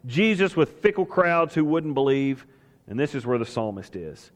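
A man's voice: mid-range voice, very animated, moderate pace, big-room sound. A man preaching a sermon as pastor, talking with emphasis and asking his listeners rhetorical questions.

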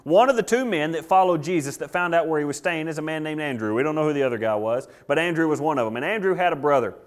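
A pastor preaches a sermon full of rhetorical questions and repeated phrases, reading scripture slowly and deliberately. His voice sits on the high side and is expressive.

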